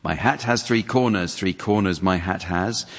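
Dry British-style quiz host, low voice. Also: male voice, moderate pace. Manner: dry, mock-serious delivery, chuckles at his own jokes. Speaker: panel game host. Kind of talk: comedy quiz hosting, reading rhymes aloud. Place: studio with live audience. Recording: audience hall recording, crowd noise.

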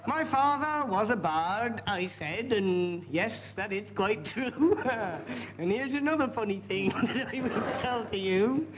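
A man's voice: high-pitched, lively intonation, takes it slowly, hardly any pauses, fairly bright tone, lo-fi sound. A man, a comedy panelist making up playful verse and giggling through it. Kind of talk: improvised comic verse. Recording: noisy live audience recording.

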